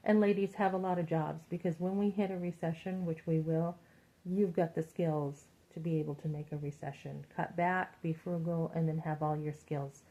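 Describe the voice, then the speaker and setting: A middle-aged woman with a deep, dark voice speaks at a moderate pace with fairly even intonation, recorded with muffled lo-fi sound. A Christian women's vlogger, she gives a chatty, encouraging motivational talk to other women, retelling her conversations along the way.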